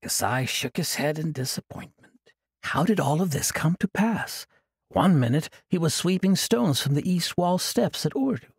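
A man narrating a fantasy audiobook in an expressive, dramatic storytelling manner, close to the microphone. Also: on the high side, normal speed, breathy edge, no echo.

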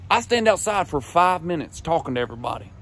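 Brash, high-voiced comic storyteller man. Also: quick pace, slight background noise. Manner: brash, profane, excited. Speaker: comedian. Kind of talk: crude comedic storytelling.

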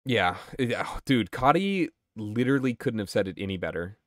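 Streaming gameplay, this man chats casually with his viewers, answering their messages with plenty of profanity. He has a fairly low voice with lively intonation at a moderate pace, in a dry, studio-quality recording.

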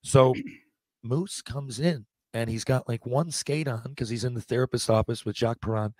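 This forties-aged podcast guest spins loose, swear-filled stories in a relaxed storytelling mode. He speaks at a moderate pace in a mid-range, somewhat dark voice, recorded without echo.

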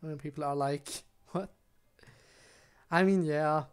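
A man's voice: a little high, steady tone, measured pace, smooth. A young man chatting casually with his viewers while he streams a game. He rambles, often restarts his sentences and answers questions from chat.

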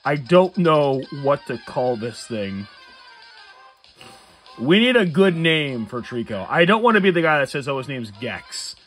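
A man talks through a video game late at night, tired but animated, his voice swinging up and down as he rambles and chuckles at himself. His pitch sits a touch high for a man. Faint game music plays behind him. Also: unhurried. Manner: rambling, self-amused, chuckles often. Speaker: gamer playing a Nuzlocke run. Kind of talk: casual let's-play commentary.

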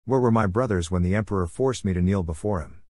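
A man voicing a scheming, silver-tongued male warlord in an audiobook, smooth and sarcastic with bursts of fury. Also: deep voice, fast, dark tone, no room sound, studio quality. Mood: furious. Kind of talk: audiobook character voice.

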